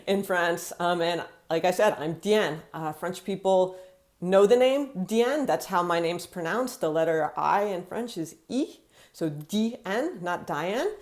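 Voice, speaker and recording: An American woman living in France, talking casually to camera and acting out quotes in a chatty, animated way. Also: fairly low pitch. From United States.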